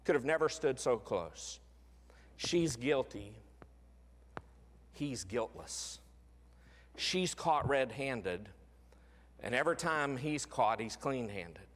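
A middle-aged pastor with a drawl, preaching in a fairly high voice that swings from lively to hushed. His sermon rings out with the long reverb of a large church sanctuary. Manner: dramatic preaching, drops to hushed tones.

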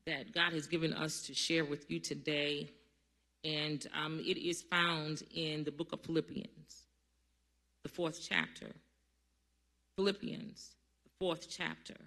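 A pastor delivering a Sunday sermon in a church sanctuary, speaking slowly with a bright, forward tone. The delivery is call-and-response, drawing answers from the congregation and building to loud, emphatic peaks. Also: medium pitch.

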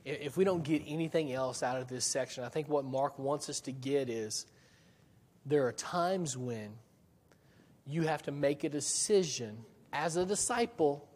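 Conversational preacher in a reverberant church. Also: male voice, on the high side, unhurried, a little mellow. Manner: conversational, with frequent restarts and rhetorical questions. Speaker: pastor. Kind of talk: sermon.

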